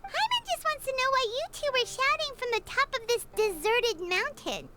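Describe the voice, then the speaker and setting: A woman's voice: very high-pitched, big pitch swings, normal speed, bright, forceful tone, heavily acted. A woman voicing a tiny, chatty fairy-girl companion in a video game who talks about herself in the third person. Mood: chirpy curious. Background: game music.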